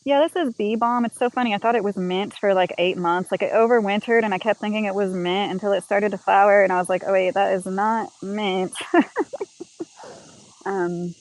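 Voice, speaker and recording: A woman chatting casually on a livestream as she walks through her home and garden, rambling with lots of "like" and quick laughs. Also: medium pitch, steady tone, poor audio.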